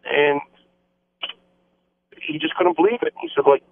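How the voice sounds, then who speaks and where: A man's voice: a little high, lively intonation, measured pace, vocal fry, slight background noise. A man, a mayor calling in to a radio interview, repeating emphatic campaign talking points. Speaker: mayor, phone-in guest. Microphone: telephone. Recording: tinny phone line.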